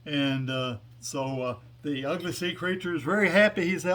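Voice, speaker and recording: A man's voice: fairly high pitch, steady tone, moderate pace, a bit bright. Meandering man telling a long joke. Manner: meandering, hesitant, many fillers. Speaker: joke teller. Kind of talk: casual spoken storytelling.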